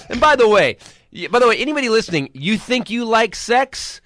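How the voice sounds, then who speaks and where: A man, a comedian guest in a radio studio, telling a story with animated delivery and loud acted-out outbursts. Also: sits high, a little fast, dry recording.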